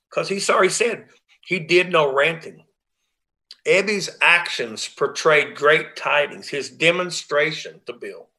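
A man's voice: fairly high pitch, bright, forceful tone. A man leading a reading group, reading passages aloud and then explaining them in an emphatic, conversational way. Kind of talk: reading aloud and commenting on a text.

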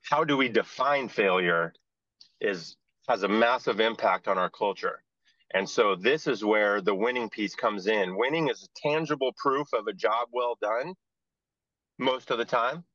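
Earnest low-voiced man on a dull line. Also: a bit bright, no room sound. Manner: earnest and measured, lays out ideas. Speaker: coach and podcast co-host. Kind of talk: reflective podcast talk.

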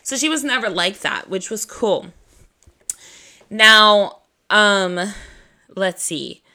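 A woman's voice: medium pitch, lively intonation, takes it slowly, sharp tone. A woman hosting a podcast who tells a personal story in a casual, chatty way. She swears freely, leans on "like", and laughs at herself between lines. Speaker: podcast host.

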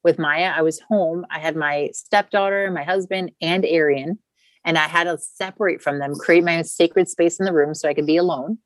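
Candid low-voiced woman telling a story. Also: fairly even intonation, moderate pace, no echo, low-quality recording. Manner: chatty, candid, swears casually. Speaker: podcast guest. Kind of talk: casual storytelling.

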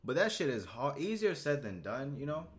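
A man's voice: mid-range voice, sing-song, normal speed. A young man hosting a casual solo podcast, rambling and swearing in a laid-back way, his voice jumping up when he gets worked up. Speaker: podcast host. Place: Houston, Texas.

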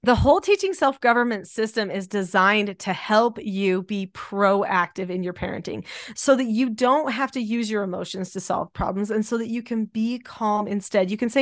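A woman's voice: fairly high pitch, moderate pace, few pauses, no room sound, clean studio sound. A middle-aged woman hosting a parenting podcast, talking in an enthusiastic, casual way. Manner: enthusiastic, warm-hearted promoting. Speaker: podcast host, parenting teacher.

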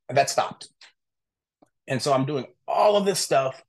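A man speaks as a podcast guest in a mid-range voice and tells a personal story in a relaxed, informal way. He talks candidly and animatedly, uses plenty of "I'm like" asides, and acts out bits of remembered conversation as he goes. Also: mid-range voice, unhurried, pauses often. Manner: animated, acts out quoted dialogue.

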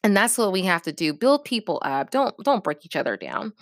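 Woman, mid-pitched, coaching advice-giver, frank and direct, recorded close and dry. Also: big pitch swings, fairly quick, no echo. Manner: direct, coaching, often checks in with "okay?". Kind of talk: casual advice talk to camera.

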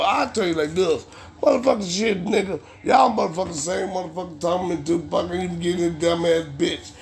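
A man hosting a podcast, delivering a heated, profane rant and at times shouting. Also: sits high, creaky. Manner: ranting, heated, swearing constantly, sometimes shouting. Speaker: podcast host.

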